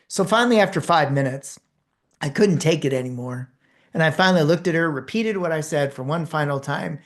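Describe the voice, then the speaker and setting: Low-voiced woman telling a story. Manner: animated storytelling with emphatic pauses. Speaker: speaker and communication trainer. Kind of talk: storytelling course lecture.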